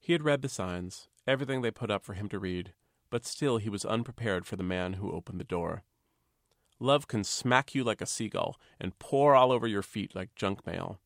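A man, the author, reading a chapter of his novel aloud in a measured, wry, understated way. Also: on the low side, no room sound, studio quality. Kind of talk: literary reading.

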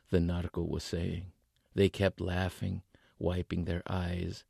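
A male author reading his novel aloud in an expressive way, voicing the characters. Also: sits low, a little slow, gravelly, slightly rough, no room sound, clean studio sound.

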